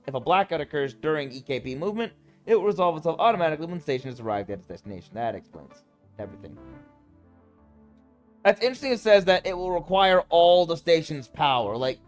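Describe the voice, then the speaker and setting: A man streaming a city-building game, talking casually and mocking the characters and game mechanics in an animated, sarcastic way. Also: fairly high pitch. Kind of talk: casual let's-play commentary.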